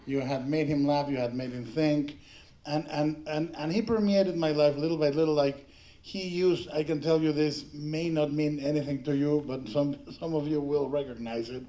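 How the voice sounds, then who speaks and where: Halting man telling rambling anecdotes. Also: on the high side, steady tone, warm tone. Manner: rambling, halting restarts, laughing often. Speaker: panelist at a film tribute. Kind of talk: anecdotal tribute speech. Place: panel before an audience.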